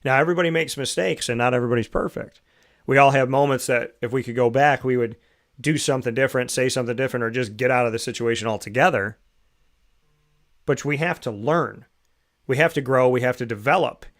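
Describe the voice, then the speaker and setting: A man's voice: mid-range voice, fast. A male show host talks through a motivational monologue in a mid-range voice. He is reflective and keeps drawing the listener in with rhetorical questions.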